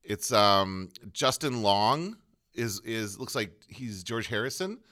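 Man, casual movie chat, rambling, bright voice. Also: lowish voice, lively intonation, slow pace. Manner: rambling, looks things up mid-talk. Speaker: podcast co-host.

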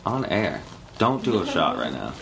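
A man's voice: sits low, huge pitch swings, normal speed, creaky, fairly bright tone, slight background noise. A young man hosting a casual podcast chat, crude and jokey, laughing often and squeamish. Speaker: podcast host.

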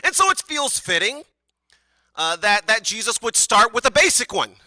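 A woman's voice: fairly high pitch, big pitch swings, normal speed, pushed and bright, no room sound. A woman preaching a sermon in a casual, conversational way, with joking asides and filler words.

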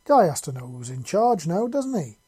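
Guy reading as a scary drawling wanderer, fake polite, dark husky voice. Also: on the high side, sing-song, voice pushed up. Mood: menacing drawl. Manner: mock-polite, slow and threatening. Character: menacing drawling male wanderer with an accent.

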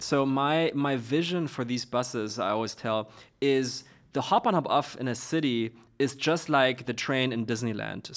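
Male guest, middle-aged, mid-range pitch, halting delivery full of fillers, relaxed interview answers. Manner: hesitant, many fillers and restarts. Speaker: guest, startup co-founder.

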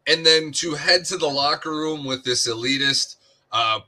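A man co-hosting a sports podcast, breaking down the game in a measured way with dry humor. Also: a little high, bright, forceful tone. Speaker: podcast co-host. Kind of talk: casual sports podcast analysis.

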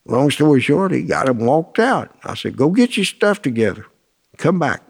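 A man's voice: a little high, normal speed, slightly rough. A man telling a folksy anecdote, acting out the voices of the people in it. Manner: animated, acts out quoted voices. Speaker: storyteller.

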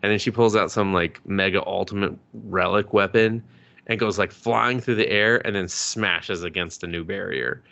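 Male podcast co-host, lowish voice, rambling giddy recap style with lots of cursing. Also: normal speed, gravelly, highs cut off. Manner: excited, rambling, swears a lot, laughs often. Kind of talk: casual chat recapping an anime.

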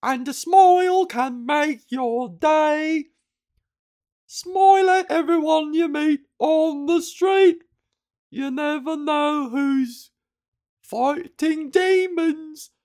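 A woman voicing a prim, sugary, cheerful nanny in a slow sing-song, giving preachy advice. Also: high-pitched, darkish tone, voice pushed up.

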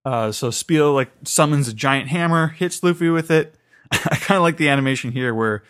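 A man's voice: a little high, normal speed, a bit bright, clean tone. A man co-hosting a podcast, casually recapping an episode with lots of fillers and restarts. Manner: rambling retelling with many fillers and restarts. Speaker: podcast co-host.

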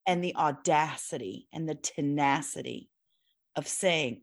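A woman's voice: low-pitched, measured pace. A woman guest on a podcast, talking earnestly about scripture and leaning on her key words. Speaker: Bible teacher guest. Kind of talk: reflective faith discussion.

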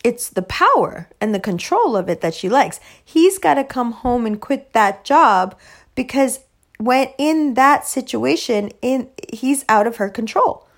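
A woman's voice: fairly high pitch, lively intonation, unhurried. A woman hosting a podcast in a casual, rambling monologue, blunt and emphatic, swearing heavily. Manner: loose, rambling asides. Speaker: podcast host.

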